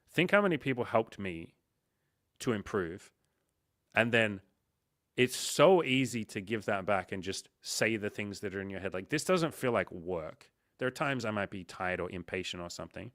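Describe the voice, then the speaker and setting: Guy coaching on a livestream, kinda low voice, swears a lot, acts out quotes, dead dry sound. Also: fairly bright tone, no echo. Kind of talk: casual livestream monologue.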